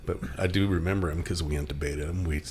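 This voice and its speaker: A man's voice: low voice, steady tone, fast, darkish tone, slight background noise. A male paramedic co-hosting a podcast, telling a long story casually with many fillers and restarts.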